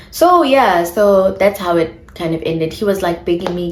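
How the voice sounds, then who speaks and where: A woman's voice: on the low side, measured pace, hardly any pauses, darkish tone, slight background noise. Chatty South African young woman, echoey room. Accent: South African English. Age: young adult. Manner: chatty, addresses viewers, mixes in isiXhosa phrases. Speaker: vlogger. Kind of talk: casual storytime.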